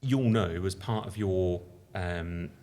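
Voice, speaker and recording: A man with a Birmingham accent, a company founder talking things through on a casual podcast, relaxed and thinking aloud with fillers and restarts. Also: sits low, takes it slowly, slight background noise. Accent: Birmingham English. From England. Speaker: company founder being interviewed.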